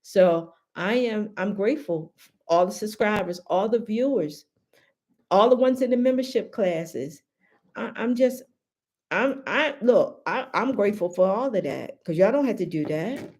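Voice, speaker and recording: A woman's voice: medium pitch, expressive, unhurried, a little mellow. A woman hosting a casual live stream. She talks to her viewers in a heartfelt, grateful way, repeating her phrases and calling them baby and y'all.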